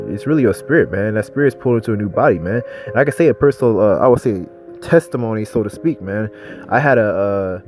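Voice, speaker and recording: A man's voice: lowish voice, a little mellow. A young man giving informal, rambling religious teaching in profane street talk, ending his phrases with "man". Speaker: preacher.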